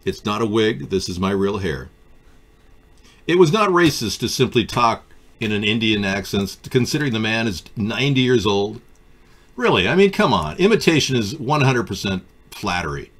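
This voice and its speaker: A man's voice: on the low side, big pitch swings, moderate pace, a bit bright. A man hosting a live political talk stream, riffing sardonically on viewer comments. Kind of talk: casual political chat.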